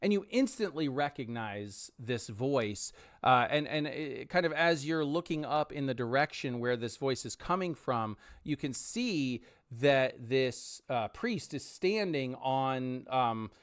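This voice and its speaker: A man's voice: medium pitch, expressive, a little slow, hardly any pauses, no room sound. Gm guy rambling through the scene, lots of ums, dry sound. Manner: rambling, filler-heavy. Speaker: game master. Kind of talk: narrating a tabletop game.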